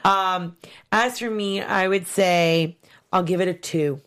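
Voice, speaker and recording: A woman co-hosts a relaxed talk show about a TV series, sitting a little low in her range. She gushes and chats along easily, with plenty of ums. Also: slow, clean tone. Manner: chatty, gushing, many fillers. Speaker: podcast co-host. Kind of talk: casual chat about a TV show.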